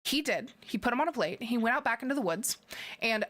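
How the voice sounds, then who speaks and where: A young woman hosting a casual chat, telling a ghost story in an animated way, swearing freely and laughing often. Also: on the high side, brisk.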